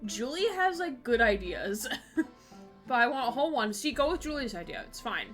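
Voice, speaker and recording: A woman's voice: a little high, very animated, a bit bright, faint music behind. A woman streaming a game live, chatting casually with her viewers and often laughing. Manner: giggly, chatty, quick asides to chat. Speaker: Twitch streamer playing a game with a voice partner.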